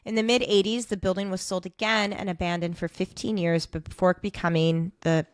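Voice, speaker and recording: A woman co-hosting a casual podcast, telling the story in an animated, jokey way with sudden excited squeals. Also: fairly low pitch, normal speed, no room sound. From United States. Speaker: podcast co-host.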